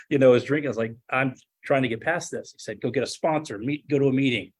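A man's voice: mid-range voice, steady tone, fast, breathy edge. A man telling his own recovery story in a casual, self-deprecating way, acting out the voices he quotes. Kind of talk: personal testimony, casual storytelling.

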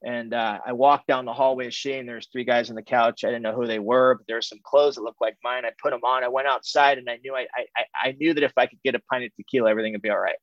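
A middle-aged man from California recounts his recovery to a group, candid and repetitive, frequently stopping to restart his sentences. His medium-pitched voice holds a steady tone, and the muffled, dull recording is dry with no room sound.

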